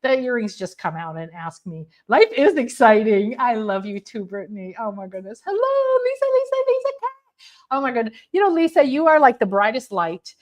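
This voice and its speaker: A woman's voice: a little high, expressive, normal speed, hardly any pauses. A woman who is a spiritual teacher and sound healer, leading a live online class in a bubbly, rambling way and often exclaiming aloud.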